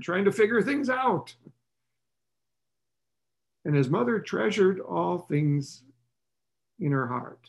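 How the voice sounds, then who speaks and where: Gravelly-voiced man giving a sermon. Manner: conversational, with rhetorical questions and light laughs; voices the characters' lines with rising pitch. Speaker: preacher.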